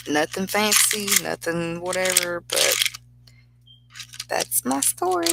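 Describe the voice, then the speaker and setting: A woman's voice: low-pitched, creaky, heavy background noise. A middle-aged woman, chatting casually and rambling through a personal story while she crafts. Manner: chatty, rambling anecdote with laughs. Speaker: crafting vlogger.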